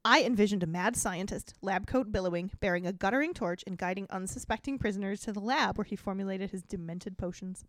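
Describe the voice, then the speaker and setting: A woman's voice: medium pitch, a little fast, few pauses, dry recording. A woman podcast host reading a story aloud with a playful, theatrical, giggly delivery. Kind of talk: dramatic reading with jokey commentary.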